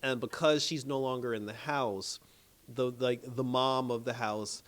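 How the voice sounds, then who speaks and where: Guy reviewing a tv episode, super animated, laughing and cussing while he retells scenes. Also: medium pitch, unhurried. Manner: animated storytelling, acts out quotes, laughs often, swears. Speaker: TV review host. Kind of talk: casual episode recap.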